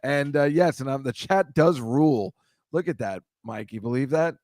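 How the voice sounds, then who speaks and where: A man's voice: medium pitch, moderate pace, darkish tone, no echo. Middle-aged male podcast host, chatty and rambling, joking with the chat, dry close sound. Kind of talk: casual livestream chat with viewers.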